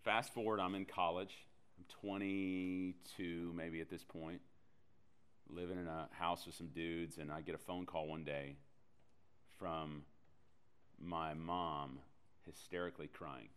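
A low-pitched man preaching from the pulpit, telling a personal story. His delivery is animated, with self-deprecating humor. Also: unhurried, clear, resonant tone. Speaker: pastor. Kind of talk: sermon storytelling.

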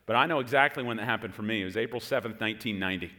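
A man's voice: fairly low pitch, very fast. A man in his forties, raised in Texas, preaching a sermon and telling a story with jokes to the congregation. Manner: animated storytelling with jokes to the room. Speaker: pastor. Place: large hall with an audience. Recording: long hall reverb.

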